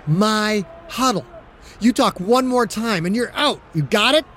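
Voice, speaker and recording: A man's voice: high-pitched, expressive, a little slow, a little hiss or hum, voice pushed up. A man voicing a fierce, hot-headed young male quarterback who barks curt orders, in an audiobook. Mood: commanding. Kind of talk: audiobook character voice.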